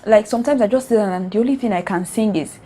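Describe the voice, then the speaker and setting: A woman's voice: medium pitch, fast, warm tone. A young woman from Nigeria with a Nigerian accent, talking in a casual, earnest and heartfelt reflective vlog. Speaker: vlogger.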